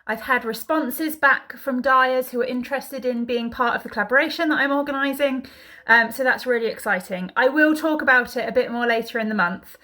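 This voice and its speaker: A fairly high-voiced woman talking straight to the camera at home. She rambles in a loose, chatty way, filling pauses with ums and the odd little laugh. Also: bright, forceful tone. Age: adult mother. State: out of breath. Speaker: vlogger. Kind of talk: casual chat to camera.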